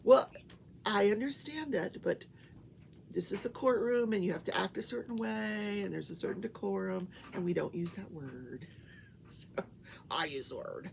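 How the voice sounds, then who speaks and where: A woman's voice: mid-range voice, moderate pace, gravelly, slight background noise. An older woman hosting a casual morning talk show, chatting in a rambling way. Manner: chatty, rambling, breaks off to coo at her pets. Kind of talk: casual chat.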